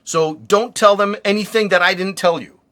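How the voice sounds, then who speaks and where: A bossy, exasperated male God played by a man snaps blunt orders in a loud, bright voice. He scolds like a fed-up boss. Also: high voice, normal speed, voice pushed up. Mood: scolding.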